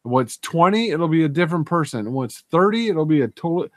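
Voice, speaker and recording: A man's voice: fairly high pitch, expressive, fast talker, dry recording. A man chatting casually as a co-host, blunt and dismissive, with some swearing. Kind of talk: casual chat.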